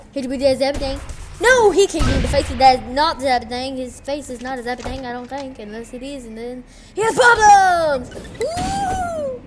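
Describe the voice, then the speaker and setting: Excitable high-voiced woman gaming. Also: measured pace, over music. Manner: excitable, squealing, self-mocking. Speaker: gaming channel host. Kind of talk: let's play commentary.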